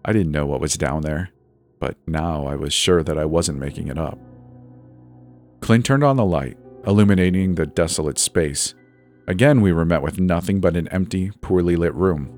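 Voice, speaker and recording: Deep-voiced man narrating horror. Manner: measured, suspenseful reading. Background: soft background music.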